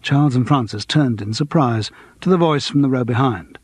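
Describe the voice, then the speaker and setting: A man narrating a cozy mystery audiobook in a measured, dry manner. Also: mid-range voice, darkish tone, breathy edge, no echo. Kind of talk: scripted narration.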